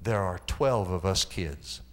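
A middle-aged man preaching a sermon, telling his own story and rising to impassioned, high-pitched delivery. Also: lively intonation, slow pace. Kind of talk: sermon testimony.

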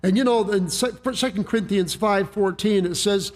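A man's voice: high voice, normal speed. A man preaching a sermon, telling a story in a folksy way with frequent restarts and repeated words. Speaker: pastor.

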